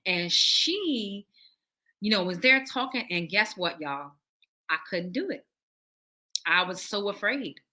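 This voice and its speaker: A woman preacher telling her testimony to a livestream audience, animated and acting out the conversations as she goes. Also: medium pitch, slow pace, long pauses. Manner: animated storytelling that acts out dialogue and addresses listeners as y'all. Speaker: prophet and preacher.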